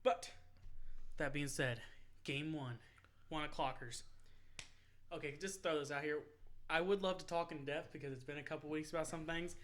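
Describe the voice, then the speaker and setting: Laughing, profane young podcast host. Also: male voice, fairly high pitch, normal speed, pauses often. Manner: profane, laughing, animated storytelling. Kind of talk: casual sports podcast banter.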